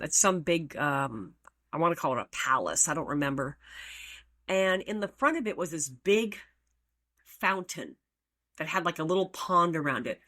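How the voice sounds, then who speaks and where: Middle-aged female host, casual storyteller; lowish voice with a lively, swooping delivery. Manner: animated, chatty, with frequent ums and restarts. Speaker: podcast host.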